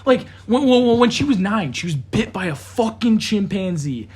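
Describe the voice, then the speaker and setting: A high-pitched, husky young man spins a story for his podcast friends. He swears freely, trips over his own restarts and bursts into imitated noises and voices. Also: normal speed. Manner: animated, swears a lot, mimics sounds, many restarts. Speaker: podcast co-host. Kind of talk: casual storytelling among friends.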